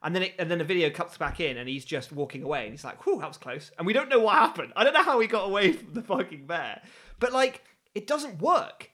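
A man chatting on a podcast in a high, very lively voice. He retells events dramatically and swears freely. His pitch jumps around constantly as he gets carried away. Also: quick pace. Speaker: podcast co-host. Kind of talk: casual chat.

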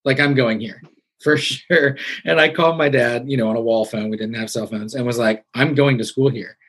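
Speaking at a normal speed in a husky, mid-range voice, a podcast host from Southwest Missouri is being interviewed. He chats casually and animatedly retells his story, quoting and acting out its characters.

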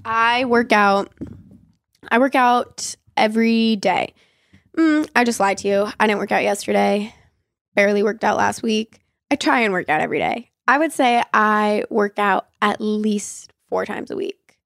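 A woman's voice: medium pitch, a little slow, creaky, fairly bright tone, no room sound. A young woman answers listener questions in a loose, rambling way, her voice stuffy and nasal from a cold. She talks frankly and drops casual swears. The sound is dry and close, with no room around it. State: sick, nasal. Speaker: podcast host. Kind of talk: casual Q&A chat.

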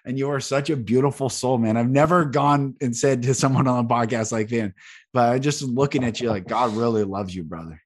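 A man's voice: medium pitch, a little fast. A man hosting a podcast who speaks fervently and repeats himself for emphasis in an emotional spiritual conversation. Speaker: podcast host.

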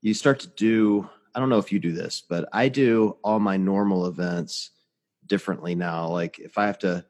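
Podcast host, man in his forties, very low voice, blunt and profane, reverb trailing behind. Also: moderate pace, a little mellow. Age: 40s. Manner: blunt, swears freely, laughs at own stories. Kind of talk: casual chat.

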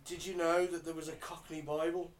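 A man's voice: on the high side, little pitch movement, brisk. A man co-hosting a podcast, quizzing the others with facts in casual chat. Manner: quizzing, fact-dropping. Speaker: podcast co-host.

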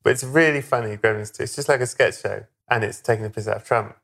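A man's voice: on the low side, fast, creaky, a bit bright. Playful man hosting a podcast. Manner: playful, sweary, joking. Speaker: podcast host. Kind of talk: casual chat.

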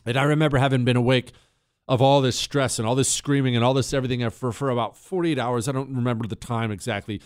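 Smooth-voiced talk host telling a story. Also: male voice, mid-range voice, fast, no room sound, clean studio sound. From Montana. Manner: conversational, wry, animated when shouting drill instructor lines. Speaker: radio talk show host. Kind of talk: storytelling monologue.

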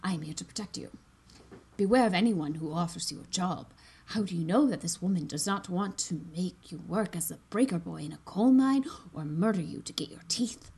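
A woman's voice: fairly low pitch, animated, brisk, gravelly, darkish tone, slight background noise. A woman reading aloud and voicing a prim, officious busybody who lectures in a stiff, formal way. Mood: lecturing.

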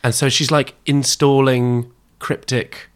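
A man co-hosting a podcast, chatting in a dry, playful, quick-witted way. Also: medium pitch, little pitch movement. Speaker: podcast co-host. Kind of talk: casual chat.

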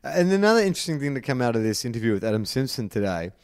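Lively, playful Australian man. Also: medium pitch, rapid-fire, smooth, dry recording, clean studio sound. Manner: playful, swearing, lively intonation. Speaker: podcast co-host. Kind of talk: casual sports chat.

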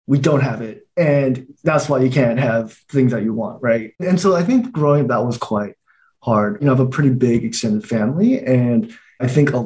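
A man in his thirties, born in Taiwan, talking casually as a podcast guest, relaxed and often laughing, full of filler words. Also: medium pitch. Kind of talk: casual conversation.

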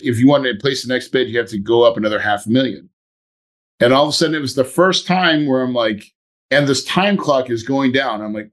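A man hosting a podcast, telling a story in a casual, animated way and acting out his own thoughts. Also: medium pitch. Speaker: podcast host.

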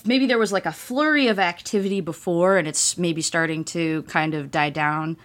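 A woman with a fairly low voice chats casually around a gaming table. She talks fast, breaks into laughter often, and restarts her sentences as she thinks aloud. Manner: quick, laughing, halting restarts. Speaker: tabletop game player. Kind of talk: casual tabletop role-play chat.

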